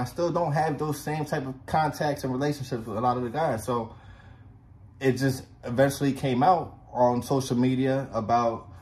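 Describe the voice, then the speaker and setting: A man's voice: medium pitch, darkish tone, slight background noise. A young man, a former police officer, telling a personal story in a blunt, profane, slang-heavy casual monologue.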